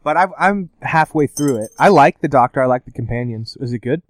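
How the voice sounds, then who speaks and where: A man's voice: mid-range voice, expressive, brisk. A young man co-hosting a podcast in casual chat, teasing his friend and laughing often. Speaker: podcast co-host.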